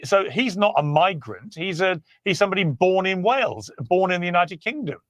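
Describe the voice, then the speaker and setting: A man's voice: high voice, expressive, normal speed, no room sound, studio quality. A man interviewing a guest on TV, firmly correcting him. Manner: firm, correcting. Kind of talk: confrontational TV interview.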